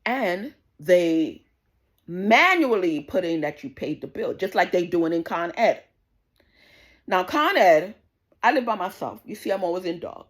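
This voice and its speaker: Vlogger type: a fired-up New woman, lower-pitched, repeats herself and swears as she vents. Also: big pitch swings, unhurried. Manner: indignant, swearing, repetitive storytelling. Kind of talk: casual rant to camera.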